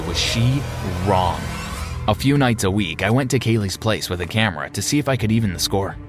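Low-voiced male story narrator. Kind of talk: scripted first-person story narration. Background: background music.

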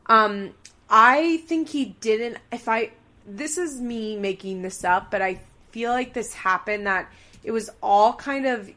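A woman's voice: fairly high pitch, takes it slowly, bright, forceful tone. Chatty woman talking through a story. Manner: chatty, many fillers, talks through hunches. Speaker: podcast co-host. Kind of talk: casual chat.

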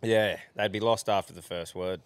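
A man's voice: lowish voice, steady tone, moderate pace, smooth, no echo. A young Australian man hosting a podcast, chatting casually, swearing freely and laughing often. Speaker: podcast host. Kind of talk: casual chat.

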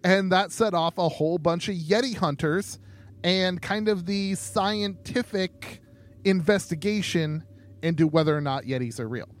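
A young man co-hosts a podcast in a loose, casual chat. His voice sits a little high, and he meanders through his points with plenty of ums and offhand jokes. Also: unhurried. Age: young adult. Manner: rambling, many ums, laid-back joking. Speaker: podcast co-host.

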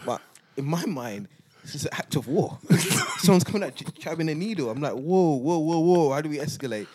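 A man hosting a podcast, telling a travel story in a casual, animated way, laughing and acting out other people's voices. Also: fairly high pitch, a little fast, breathy edge. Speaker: podcast host.

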